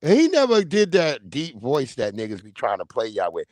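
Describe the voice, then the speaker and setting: A man hosting a casual livestream, talking in an animated, slangy way and calling out viewers by name. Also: mid-range voice, moderate pace, no room sound, studio quality. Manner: animated, slangy, reads viewer names aloud. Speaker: livestream host.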